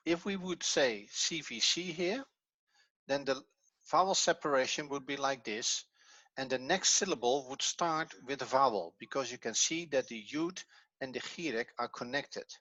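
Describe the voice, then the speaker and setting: A middle-aged man teaching a grammar lesson, explaining slowly and step by step, a non-native English speaker whose first language is Dutch. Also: mid-range voice, sharp tone, dry recording, highs cut off. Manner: slow, methodical explaining step by step. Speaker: Hebrew teacher.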